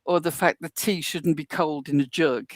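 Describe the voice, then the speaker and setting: A woman's voice: low-pitched, fairly even intonation, normal speed, dry recording. A woman co-hosting a casual chat, dry and joking with mock outrage, laughing often. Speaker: co-host.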